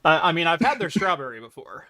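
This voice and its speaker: A man co-hosting a casual tech podcast, chatty, with halting restarts. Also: a little high, sing-song, a crowd in the background. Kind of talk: casual chat.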